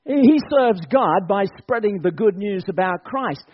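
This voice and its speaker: This lo-fi, dull-sounding recording captures a preacher addressing his congregation at a church service. His high, animated voice rises and falls as he exhorts them at an unhurried pace, frequently laughing along.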